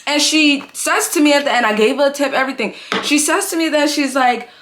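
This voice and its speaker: A woman's voice: sits high, fairly quick, fairly bright tone. A young adult woman telling a story on her vlog in casual, slangy speech full of "like" and "bro". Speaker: vlogger.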